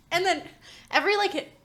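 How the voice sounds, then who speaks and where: A woman co-hosting a podcast, telling a story in casual chat, animated and laughing, full of filler words. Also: very high-pitched, a little slow. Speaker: podcast co-host.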